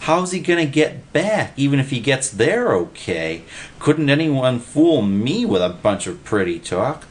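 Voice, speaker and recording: A man's voice: medium pitch, very animated, measured pace, voice pushed up. A man voicing a chattering, fretful male busybody in a storybook reading. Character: worried chattering male office nuisance.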